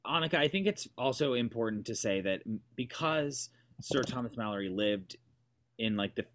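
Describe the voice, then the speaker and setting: A man's voice: mid-range voice, lively intonation, moderate pace, fairly bright tone, slight background noise. A man from Oklahoma co-hosting a podcast, teasing in casual chat with lots of likes and restarts. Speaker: podcast co-host.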